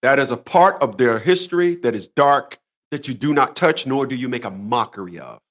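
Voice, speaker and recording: Animated mocking man ranting to viewers. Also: mid-range voice, normal speed. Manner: mocking, laughs at his own jokes, repeats phrases. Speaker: commentary vlogger. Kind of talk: monologue rant.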